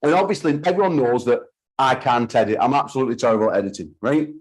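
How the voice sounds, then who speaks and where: A man's voice: medium pitch, quick pace, low-quality recording. A man, host of a call-in talk show, ranting heatedly and swearing often. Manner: heated, sweary, repeats himself. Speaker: podcast host.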